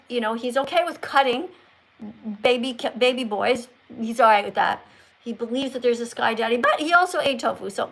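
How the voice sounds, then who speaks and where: A woman's voice: fairly high pitch, vocal fry, fairly bright tone. A woman in her sixties hosting a livestream, chatting casually, teasing callers and reading viewer comments aloud. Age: 60s. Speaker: livestream host.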